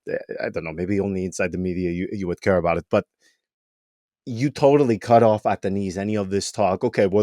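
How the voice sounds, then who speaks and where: A man co-hosting a casual sports podcast. He talks with lively energy, stumbling over repeated words as his thoughts race ahead. His voice is recorded dry, with no room sound. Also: on the low side, no echo. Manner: animated, repeats words when excited. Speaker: podcast co-host.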